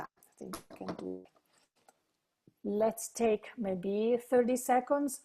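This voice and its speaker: A woman's voice: lowish voice, mellow, slightly rough. A woman teaching an online language lesson, patiently explaining and drilling verb forms aloud. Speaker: Italian teacher.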